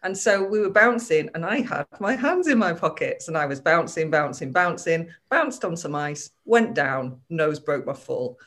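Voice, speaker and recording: A woman's voice: sits low, big pitch swings, moderate pace, hardly any pauses, a bit bright. A woman from northern England, a comedian guest on a podcast, telling a rambling, self-mocking anecdote in casual chat.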